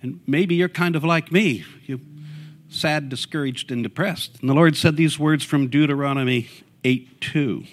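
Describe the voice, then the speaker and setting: A man sharing a fervent church testimony, his voice quiet and low at first, then rising to excited outbursts. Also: normal speed.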